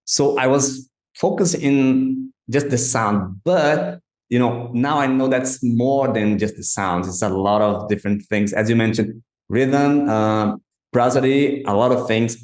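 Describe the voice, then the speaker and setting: A man's voice: medium pitch, measured pace, a little mellow, echoey room. A man hosting a podcast, asking interview questions hesitantly, restarting often and searching for words. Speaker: podcast host.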